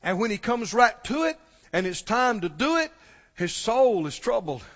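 A man's voice: sits high, sing-song, normal speed, fairly bright tone. A man preaching a sermon with passion, asking his listeners questions and rising to exclamations. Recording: dull lo-fi sound with long hall reverb.

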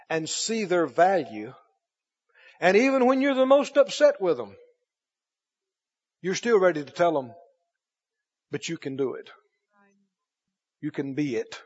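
Husky-voiced preacher man in a hall. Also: a little high. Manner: emphatic, swinging from loud to hushed. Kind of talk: sermon. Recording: dull echoey hall recording.

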